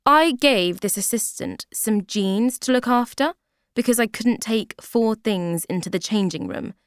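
A woman voicing an adult female shop customer who talks loudly and indignantly while reading a storybook aloud. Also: medium pitch, measured pace, clean tone, no room sound, studio quality, voice pushed up, lightly acted. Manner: loud, indignant.

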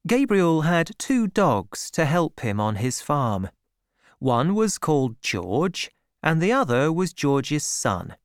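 A man narrating a story, reading slowly and expressively, on a close studio mic. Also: a little high, no room sound. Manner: slow, clear, expressive reading. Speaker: audiobook narrator.

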